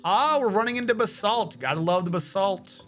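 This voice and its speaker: A man's voice: high-pitched, lively intonation, moderate pace, fairly bright tone, faint music behind. A man streaming a game live, giving casual, profane commentary and talking to his chat.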